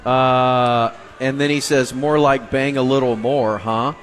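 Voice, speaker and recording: A man's voice: mid-range voice, fairly even intonation, unhurried, soft background music. A man co-hosting a morning radio show, reading listener messages with teasing banter.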